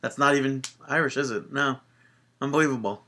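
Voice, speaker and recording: A man co-hosting a laid-back podcast, with a very bright, forward tone. He talks in a playful, joking way and slips into quick character voices while he retells moments. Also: medium pitch. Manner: joking, animated, puts on quick voices mid-story. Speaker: podcast co-host. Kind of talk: casual wrestling podcast chat.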